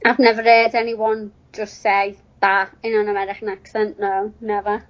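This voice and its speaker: A woman's voice: mid-range voice, little pitch movement, normal speed. A woman co-hosting a podcast, trading dry, sardonic retorts in casual chat. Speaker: podcast co-host. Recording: dull lo-fi podcast audio.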